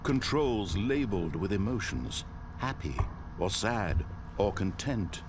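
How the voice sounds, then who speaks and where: A man's voice: fairly low pitch, expressive, takes it slowly, noisy background. A man voicing a grand, all-knowing storyteller narrator in a video game, with a dramatic, swelling delivery.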